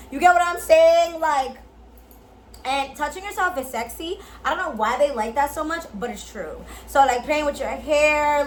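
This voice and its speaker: A woman vlogger giving a casual tutorial straight to camera. She is playful and blunt, swears a lot and uses slang, and at times drops into a low, slow sultry voice to demonstrate. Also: a bit bright, slight background noise, low-quality recording. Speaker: beauty and lifestyle vlogger.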